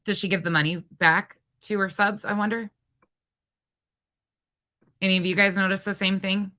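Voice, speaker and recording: A woman's voice: medium pitch, steady tone, moderate pace, sharp tone. A woman giving skeptical commentary, questioning what she reports.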